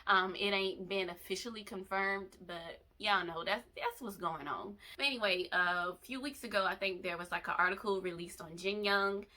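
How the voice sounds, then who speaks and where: Young woman vlogger, bright forceful voice, talks straight to viewers, emphatic and animated; good for fan vlogs. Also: mid-range voice, normal speed, hardly any pauses. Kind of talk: emotional fan vlog. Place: bedroom.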